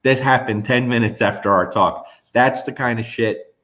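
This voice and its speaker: At normal speed and in a mid-range voice, a middle-aged host from New Jersey casually chats with his viewers. He tells stories with lots of energy, meandering and starting over mid-thought.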